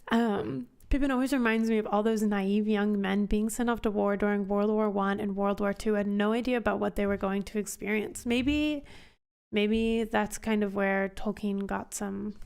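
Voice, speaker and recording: A woman's voice: medium pitch, a little mellow, clear, resonant tone. A woman hosting a casual book club discussion, chatty and thinking aloud with many fillers and restarts.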